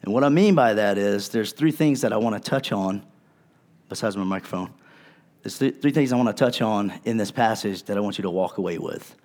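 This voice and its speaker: A man's voice: fairly low pitch, brisk, a little mellow. A male pastor preaching a sermon in a conversational, earnest way, with casual asides to his congregation.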